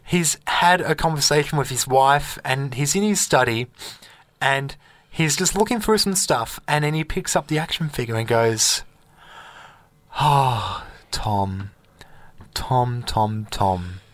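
Male radio co-host, animated storyteller who acts out voices, dry studio mic. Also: a little high, moderate pace, no echo. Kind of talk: casual on-air storytelling. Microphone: studio microphone.

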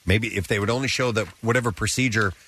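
A man's voice: fairly low pitch, fairly even intonation, fast talker, pushed and bright, slight background noise. A man with a sore throat and the sniffles, hosting a morning radio show and reading entertainment news with asides.

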